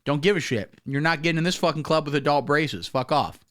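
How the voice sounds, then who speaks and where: Male comedy streamer, fairly high voice, swearing mocker who rambles through riffs. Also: fast, fairly bright tone. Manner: profane, rambling, mocking riffs. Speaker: comedy livestream host. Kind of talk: crude comedic reaction commentary.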